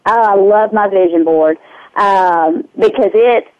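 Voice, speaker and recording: A woman's voice: medium pitch, a little slow, smooth, no echo. Woman guest giving candid answers, earnest, dull dry line. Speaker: interview guest. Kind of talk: casual interview answers.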